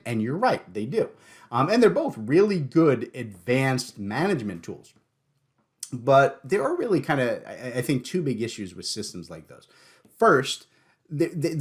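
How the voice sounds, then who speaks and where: A man hosting a podcast in casual chat, joking and animated, often stumbling and repeating words. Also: medium pitch. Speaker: podcast host.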